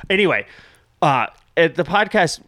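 A man's voice: a little high, sing-song, normal speed, sharp tone, no echo. Male podcast host, casual chat, joking, swears, dry close sound. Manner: loose and joking, swears, laughs often.

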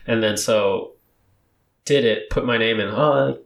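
A young man with a somewhat low voice tells a rambling, lively story in casual chat. He leans on fillers and restarts. The room around him rings with a noticeable echo. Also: measured pace, slight background noise. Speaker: podcast guest. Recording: roomy echo.

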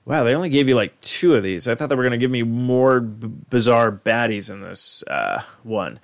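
A man co-hosting a podcast, talking casually in a rambling, profane, animated way. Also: medium pitch, moderate pace. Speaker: podcast co-host.

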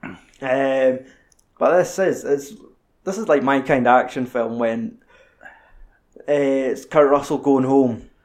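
Scottish guy ranting about an action movie, lots of swearing, gets animated retelling scenes, mid pitch. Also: slow pace, pauses often. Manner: sweary, animated, acts out film quotes. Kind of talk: casual film chat.

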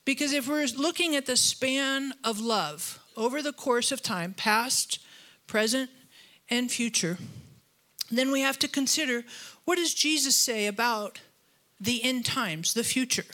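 Woman preaching in church, bright kinda high voice, funny self-roasting stories. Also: unhurried. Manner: lively, self-deprecating storytelling with humor. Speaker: guest preacher. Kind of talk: sermon. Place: church auditorium.

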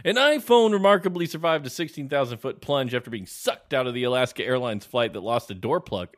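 Animated laughing man podcast co-host. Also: mid-range voice, a little fast. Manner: animated, laughs often, acts out quotes in raised voices. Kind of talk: casual chat.

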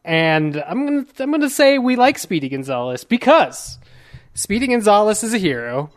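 An American man hosting a casual panel chat over a video call, halting with many fillers and restarts. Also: high-pitched, very animated. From United States. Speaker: podcast host.

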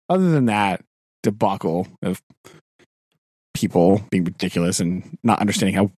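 A man's voice: sits low, normal speed, long pauses, a little mellow, slightly rough, no echo, studio quality. A man, a teacher and podcast co-host, chatting casually and ranting in exasperation, laughing often and acting out quoted exchanges. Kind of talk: casual chat.

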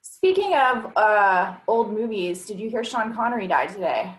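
A woman co-hosting a podcast in casual chat, chatty and quick to laugh. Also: medium pitch, big pitch swings. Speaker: podcast co-host. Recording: echoey room.

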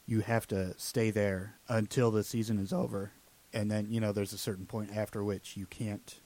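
A man co-hosting a casual sports podcast, making wry, deadpan jokes. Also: fairly low pitch, moderate pace. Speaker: podcast co-host. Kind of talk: casual chat.

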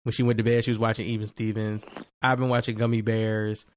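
A man from Virginia hosting a podcast, talking loose, slangy and animated. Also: lowish voice, quick pace, a little hiss or hum. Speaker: podcast host. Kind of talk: casual podcast chat.

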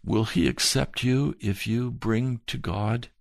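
A man preaching a slow, earnest sermon and telling a personal testimony. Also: medium pitch, creaky, no room sound, studio quality. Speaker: pastor.

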